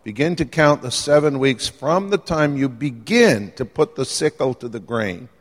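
A man's voice: mid-range voice, moderate pace. A man preaching a sermon to a live congregation, conversational and playful, joking and asking the audience questions. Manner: lively, conversational, jokes with the audience. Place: church hall with live congregation. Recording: long hall reverb.

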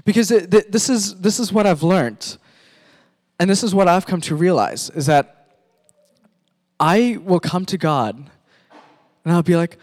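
A man's voice: high-pitched, expressive, measured pace, long pauses. A man from Pakistan, a pastor, animatedly narrating a sermon skit and directing volunteer actors.

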